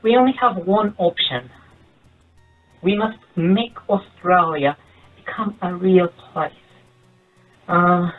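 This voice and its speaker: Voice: mid-range voice, close to an everyday voice. A frantic old-time king, bossy and panicky, barking orders in a raised voice, as a comedian puts him on. The sound is thin and phone-like, with faint music underneath.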